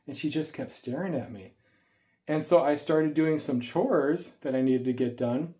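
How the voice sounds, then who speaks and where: A snake keeper vlogger tells stories in a casual, chatty, rambling vlog, a little out of breath after the gym. His voice is fairly high and warm, and he speaks unhurriedly. It was filmed indoors at home on a tripod-mounted camera.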